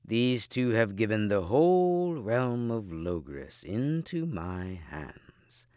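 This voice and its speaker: A man's voice: fairly low pitch, big pitch swings, slow, darkish tone, clean tone, no echo. A man putting on a gloating traitor knight.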